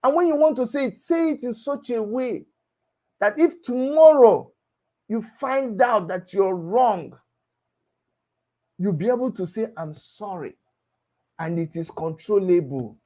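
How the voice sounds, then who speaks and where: A man's voice: sits high, animated, measured pace, warm tone. A man delivering an impassioned, preachy monologue broadcast, scolding and repeating himself for emphasis. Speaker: broadcaster addressing critics.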